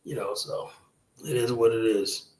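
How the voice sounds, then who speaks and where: A man's voice: medium pitch, fairly even intonation, moderate pace. Man, blunt, profane, rambling, stream host, roomy echo. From United States. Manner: blunt, profane, rambling with constant "you know". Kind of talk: casual stream talk. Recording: roomy echoey sound.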